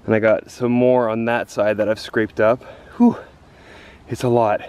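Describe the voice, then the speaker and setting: A man's voice: medium pitch, flat delivery, unhurried, darkish tone, clean tone. A young man casually vlogging to a handheld camera outdoors in the snow and at home, chatty and at times out of breath. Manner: chatty, breathless after shoveling. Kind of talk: casual vlog chat.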